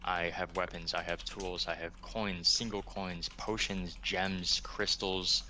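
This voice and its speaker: A man's voice: deep voice, flat delivery, slow, hardly any pauses, pushed and bright, slight background noise. A man from the United States, a game asset developer, talking casually and enthusiastically about his work with many ums. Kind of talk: casual interview chat.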